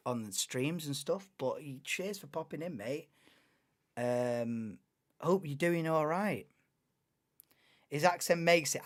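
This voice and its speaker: A young woman hosting a live watchalong stream, chatting in a rambling, excitable way and laughing often. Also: low voice. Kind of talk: casual live watchalong chat.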